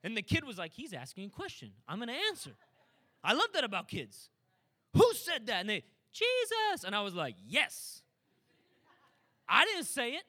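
A man preaching a sermon, swinging between quiet asides and loud, climbing shouts. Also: high voice, huge pitch swings, moderate pace, breathy edge. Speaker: pastor.

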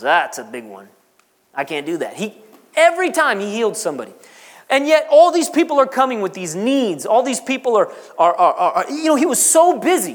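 A man preaching a sermon, repeating phrases for emphasis and pausing dramatically. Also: very high voice. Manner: repetitive, emphatic delivery with dramatic pauses. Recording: long reverb of a large hall.

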